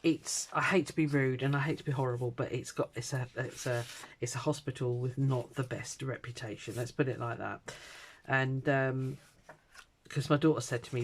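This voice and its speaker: A middle-aged crafting vlogger with a very deep voice rambles briskly through a personal anecdote in casual chat. She quotes people animatedly, acting out their voices, over slight background noise.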